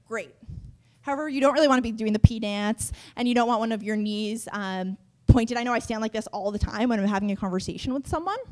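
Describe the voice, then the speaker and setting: A young woman giving a lively, chatty workshop talk on public speaking to a room, laughing between points. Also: mid-range voice. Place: conference room.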